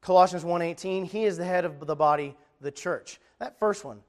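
A man's voice: on the high side, a little fast, few pauses. A man preaching a sermon, talking in a conversational, emphatic way with frequent restarts and scripture readings.

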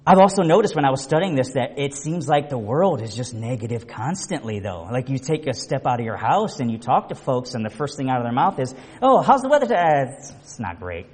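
A middle-aged man preaching a conversational sermon, telling stories in a chatty, animated way with many restarts. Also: mid-range voice, fairly quick, few pauses, slightly rough. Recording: reverberant hall.

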